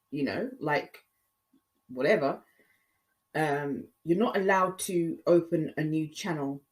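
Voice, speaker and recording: Chatty low-voiced woman vlogger. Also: a little mellow. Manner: chatty, emphatic, rambling with fillers. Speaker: YouTuber addressing subscribers. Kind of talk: casual vlog monologue.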